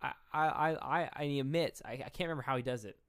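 A man's voice: medium pitch, quick pace, fairly bright tone, clear, resonant tone, no echo, studio quality. Rambling young man retelling a film. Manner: rambling, retells scenes with quoted lines, swears. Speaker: podcast co-host. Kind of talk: casual film review chat.

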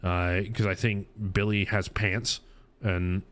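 A man's voice: sits low, level tone, takes it slowly, a bit bright, clean tone. A man in his thirties hosting a casual recap chat about his stream, rambling with lots of fillers and restarts. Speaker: streamer and podcast host.

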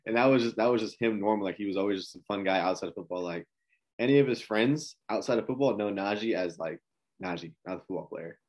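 A man's voice: on the low side, fairly quick. A man telling an amused story about an old friend, laughing as he goes. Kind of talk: anecdotal interview storytelling.

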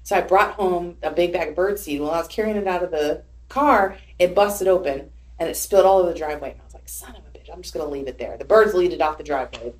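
A woman in her thirties, a podcast guest, chatting casually and telling lively stories about her young daughter. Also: lowish voice, fast talker, few pauses. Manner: animated storyteller, voices her child's lines. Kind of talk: casual chat.

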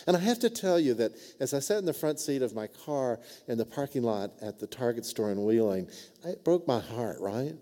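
A man's voice: medium pitch, animated, moderate pace, dark tone. A male pastor preaching a sermon, telling a personal story in a conversational way with frequent "right?" and "amen?" asides. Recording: long church reverb.

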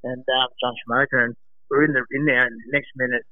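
A man, a former pro surfer, telling animated anecdotes in casual chat, acting out voices and laughing often. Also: medium pitch, fast talker, no room sound. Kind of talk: casual storytelling. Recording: dry, phone-like narrow sound.

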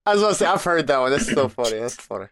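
A man's voice: mid-range voice, big pitch swings, rapid-fire, creaky, fairly bright tone, slight background noise. A man bantering with friends on a podcast, reacting to jokes with laughter and teasing comments. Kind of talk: casual banter among friends.

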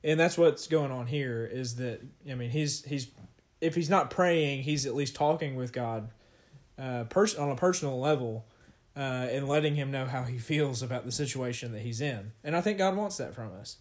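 A male podcast co-host teaching scripture leads a casual Bible study discussion, reading scripture aloud with his co-host. He talks loosely and conversationally with fillers and light laughs, in a mid-range voice at a moderate pace.

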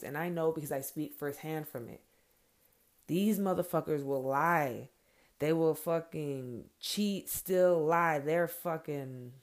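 A middle-aged woman, a mother, ranting in a casual and angry way, swearing often and breaking into loud bursts. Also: low-pitched. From Mexican heritage, raised in America. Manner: profane, heated, confrontational, with sudden loud bursts. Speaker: parent speaking her mind.

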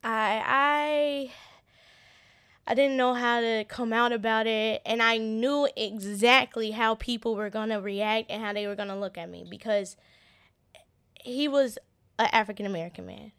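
A young woman telling a personal story as an interview guest. She talks in halting starts and often repeats words in earnest. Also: a little high, a bit bright, clear, resonant tone, no room sound, clean studio sound. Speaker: interview guest, business owner.

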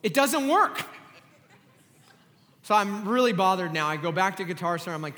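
Bright, high-voiced preaching man. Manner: animated, sarcastic and joking, with quick asides. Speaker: pastor. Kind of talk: sermon. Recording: long hall reverb.

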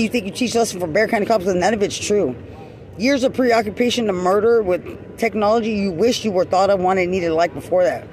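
A man's voice: high voice, brisk, darkish tone. A man ranting angrily outdoors, accusing someone over and over and swearing. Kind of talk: angry confrontational rant.

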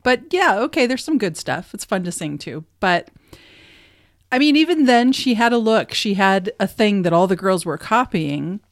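A woman's voice: mid-range voice, expressive, moderate pace, no room sound. A woman co-hosting a podcast, chatting casually with wry, dry asides. Her voice is recorded close and dry, with no room sound. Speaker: podcast co-host. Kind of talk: casual chat.

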